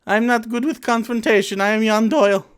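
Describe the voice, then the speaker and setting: A high, soft-voiced "Jan" who talks in small, careful, childlike sentences, a meek European caricature of a male pundit, as a man puts him on. His phrasing is gentle and halting, like someone trying very hard to be nice. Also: steady tone, clear, resonant tone, close to an everyday voice. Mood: gentle, silly. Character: meek, simple-minded European parody of a male political commentator.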